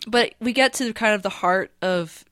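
A woman's voice: medium pitch, normal speed, a bit bright, no echo. A woman co-hosting a podcast, casually talking through a story's structure and thinking aloud. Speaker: podcast co-host. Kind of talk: casual chat.

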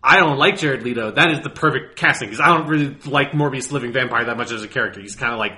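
A man's voice: mid-range voice, fast, sharp tone. A man co-hosting a casual podcast, rambling and swearing as he talks about movies. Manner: rambling, profane, laughs while talking. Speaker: podcast co-host.

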